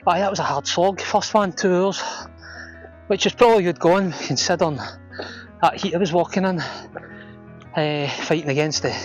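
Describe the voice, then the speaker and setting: A Scottish man chatting casually while hiking outdoors on a mountain ridge, out of breath and relaxed. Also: high-pitched, normal speed, pauses often, muffled recording, faint music behind. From Scotland. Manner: relaxed and chatty, says wee and aye often. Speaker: hiking vlogger. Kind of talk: casual outdoor vlog narration.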